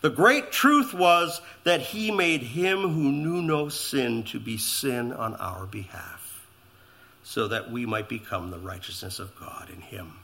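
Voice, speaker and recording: A man preaching a sermon as pastor, animated and emphatic, dropping to hushed tones on reverent lines. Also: mid-range voice, slow, gravelly.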